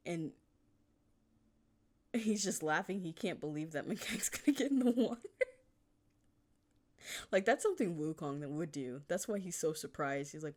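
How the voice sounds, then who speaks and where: Low-voiced woman chatting casually. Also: lively intonation, normal speed, pauses often, darkish tone. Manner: chatty, rambling, laughs often, swears casually. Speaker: fan fiction author. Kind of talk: casual chapter discussion.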